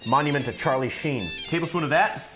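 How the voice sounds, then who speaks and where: A man's voice: fairly high pitch, a little fast, over music. A tipsy man hosting a cooking show, chatting casually and cracking goofy jokes as he cooks. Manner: playful, joking, goofy asides. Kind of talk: casual cooking demo chat.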